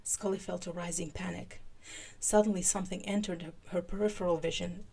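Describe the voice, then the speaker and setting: On her podcast, a woman with a voice on the low side performs a live fan fiction reading. She reads with animation, yet her asides come out halting.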